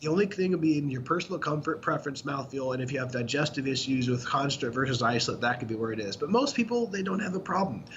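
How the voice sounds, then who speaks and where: A man's voice: medium pitch, quick pace, hardly any pauses, fairly bright tone. A man co-hosting a podcast, explaining supplement labels in a blunt, profane, casual way. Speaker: podcast co-host, supplement expert. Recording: slightly dull audio with faint ambient noise.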